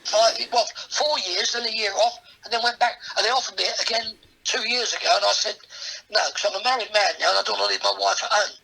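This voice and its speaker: A man's voice: sits high, fairly even intonation, fast talker, vocal fry, sharp tone, a little hiss or hum, low-quality recording. An older man, a comedian, chatting as a guest and telling rambling anecdotes full of tag questions. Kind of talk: casual anecdotal chat.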